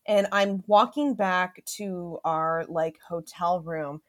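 A woman's voice: fairly low pitch, steady tone, takes it slowly. A young woman co-hosting a podcast, chatting casually and laughing often as she tells stories. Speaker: podcast co-host. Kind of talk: casual chat.

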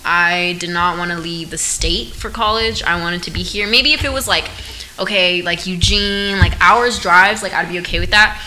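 Bright-voiced young woman guest. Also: fairly low pitch, moderate pace, faint music behind, poor audio. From Oregon, US. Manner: animated, laughs often, mixes in Spanish. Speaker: podcast guest. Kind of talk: casual chat.

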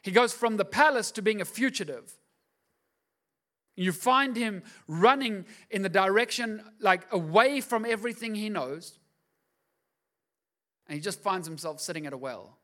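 A man with a fairly high voice preaching a sermon. He retells scripture in a casual, slangy way. He slips in playful impressions and rhetorical questions to the congregation. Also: lively intonation, normal speed, pauses often, fairly bright tone. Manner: casual slangy storytelling with acted-out asides. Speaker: pastor.

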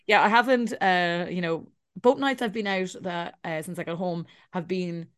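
A woman's voice: lowish voice, moderate pace, a bit bright, clean tone, no echo, clean studio sound. An Irish woman in her thirties co-hosting a podcast, chatting and telling stories, swearing freely and acting out what people said. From Ireland. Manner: chatty storyteller, swears freely, acts out quotes. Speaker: podcast co-host. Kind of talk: casual chat.

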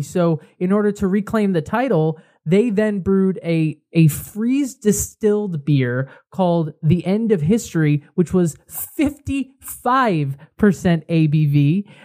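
A man co-hosting a podcast in casual chat, rambling and excitable, with frequent restarts. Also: high-pitched. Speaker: podcast co-host.

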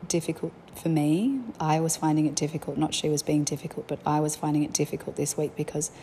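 A woman's voice: sits low, steady tone, fast talker, dark tone, a little hiss or hum. A young woman, a mother, telling candid, reflective stories about family life in a chatty way. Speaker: parent sharing family life. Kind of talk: casual storytelling.

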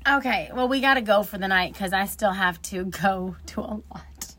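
A middle-aged woman co-hosting a casual podcast, telling animated stories and acting out her own quoted lines. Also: medium pitch, normal speed. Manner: animated storyteller acting out quotes, laughing often. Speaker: podcast co-host. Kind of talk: casual chat.

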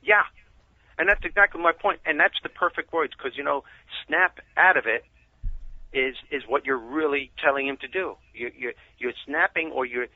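A man, a guest author, telling animated stories in a casual interview over a muffled phone line. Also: on the high side, moderate pace, no room sound. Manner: animated storyteller.

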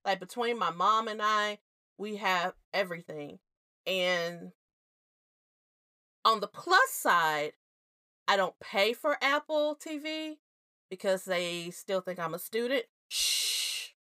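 A woman co-hosting a casual chat show, telling family stories in an animated, blunt way and laughing often. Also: mid-range voice, slow, long pauses, no room sound, studio quality. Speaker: podcast co-host.

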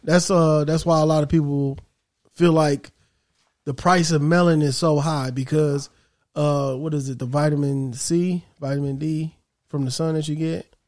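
Young man, slightly high voice, rambling slangy banter with friends. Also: steady tone, normal speed, darkish tone. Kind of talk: casual group chat.

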